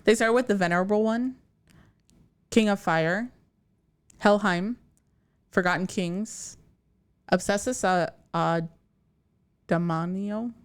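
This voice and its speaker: A woman's voice: medium pitch, slow pace, pauses often, smooth. A woman co-hosting a metal music podcast. She chats casually, hesitates, and lets her sentences trail off. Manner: hesitant, trailing off, short agreeing replies. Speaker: podcast co-host. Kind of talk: casual chat.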